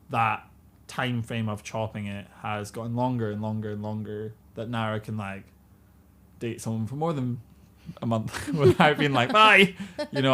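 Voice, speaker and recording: A British man in his twenties chats candidly as a podcast guest, full of fillers and frequent laughs. His voice sits lowish and sounds a bit bright.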